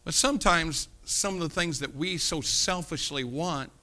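A man pastor preaching a sermon, animated, with sudden loud rises and soft drops, acting out voices in his stories. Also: on the high side, moderate pace.

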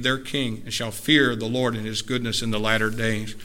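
A male preacher with a very bright, forceful voice delivers a sermon. He reads scripture references in a measured way, then drives his points home with rising, shouted emphasis, and slips into relaxed, joking asides with the congregation. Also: on the low side. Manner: drops to a casual, joking tone with the congregation.

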